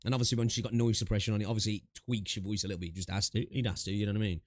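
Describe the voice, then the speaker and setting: A man's voice: on the low side, fairly even intonation, very fast, no room sound. A young man chatting casually on a gaming livestream, rambling with lots of fillers and asides, through a close desk mic with noise suppression. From United Kingdom.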